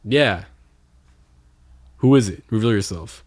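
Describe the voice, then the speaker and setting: A man's voice: lowish voice, animated, takes it slowly, dry recording. A young man co-hosting a podcast, telling a story in casual chat, with plenty of swearing and exasperated outbursts. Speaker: podcast co-host.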